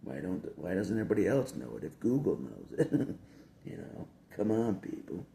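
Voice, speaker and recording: A man's voice: sits low, big pitch swings, normal speed, gravelly, dark tone. A man talking casually to the camera in a rambling, repetitive way, chuckling between phrases. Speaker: video blogger. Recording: echoey room with faint background hum.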